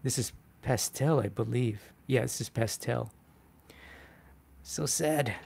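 Man, art instructor on a live stream; chatty, animated, self-mocking, filler-heavy. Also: medium pitch, slow, creaky, slightly rough. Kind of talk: live-stream drawing demo, answering chat.

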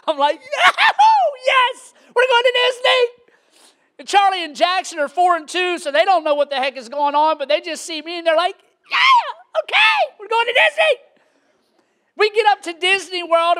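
A man, preaching a sermon as pastor with animated, shouting storytelling. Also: very high voice.

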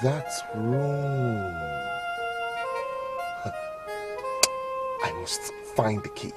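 An actress with a Nigerian accent playing a greedy young woman who finds her father's hidden money, swinging from hushed whispers to loud exclamations. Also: very deep voice, drawn-out words, exaggerated voice. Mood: scheming. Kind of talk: film drama. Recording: echoey room with music behind.

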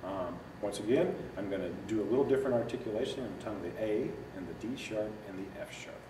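A man's voice: fairly low pitch, quick pace. A man giving a patient, step-by-step music lesson, sometimes singing phrases in scat syllables. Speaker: music teacher. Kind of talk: instructional walkthrough. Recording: echoey room from a distance with noise.

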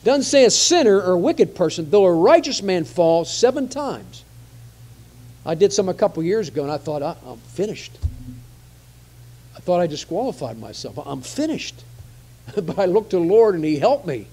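A man's voice: sits high, big pitch swings, brisk, warm tone. A man preaching a conversational sermon, often repeating phrases for emphasis.

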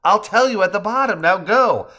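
A man's voice: sits high, moderate pace, pitched above the performer's own voice. A man doing a boisterous, boastful husband. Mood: excited. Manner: excited, boastful, loud.

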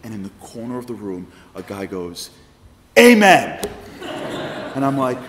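A man with a New York accent telling a lively comic story in a public lecture. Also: lowish voice, brisk, roomy sound, in a large hall. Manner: animated, comic storytelling with acted-out quotes. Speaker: public speaker. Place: large congregation hall with audience.

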